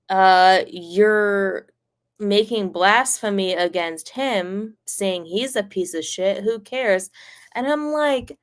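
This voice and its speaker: A woman streamer telling a personal story casually, rambling and filled with "like", swearing freely and getting animated. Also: medium pitch, takes it slowly.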